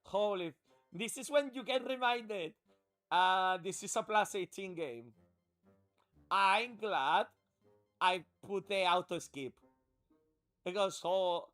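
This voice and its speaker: A man casually commenting on a game he is playing, excitable and swearing often. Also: high-pitched, slow pace, pauses often, soft background music. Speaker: gaming streamer. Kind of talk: casual let's-play commentary.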